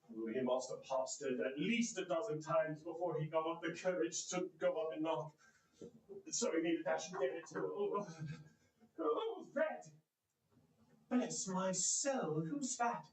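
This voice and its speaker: In a theatrical one-man storytelling show, a man voices each character with animated, wide pitch swings from a fairly high baseline. The recording carries the echo of a large, roomy hall.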